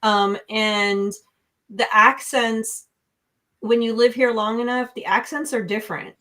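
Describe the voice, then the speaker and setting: A woman's voice: a little high, fairly even intonation, measured pace, sharp tone. A woman from New York, co-hosting a casual podcast and analyzing a film in an opinionated way. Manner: opinionated, analytical, frequent restarts. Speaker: podcast co-host, film reviewer. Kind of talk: casual chat.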